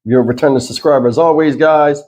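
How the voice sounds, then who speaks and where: Rambling man with a dark morning voice. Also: on the high side, steady tone, quick pace. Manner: loose, rambling delivery with frequent fillers. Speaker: channel host. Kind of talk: casual news commentary vlog.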